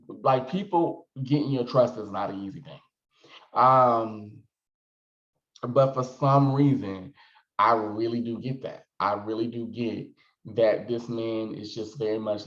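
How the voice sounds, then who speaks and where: Guy doing a chatty psychic reading, rambly, roomy echo, kinda dull lo-fi sound. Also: medium pitch. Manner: rambling, chatty, many fillers and restarts. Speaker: psychic reader.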